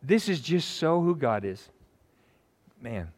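A man's voice: mid-range voice, big pitch swings, slow pace. A man preaching a casual, joking sermon and telling stories in a conversational way.

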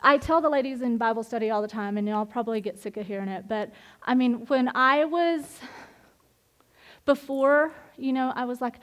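A woman's voice: on the high side, normal speed. A middle-aged woman leading a women's Bible study, talking candidly with lots of restarts. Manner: animated and candid, with frequent laughs and restarts. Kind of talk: informal devotional teaching.

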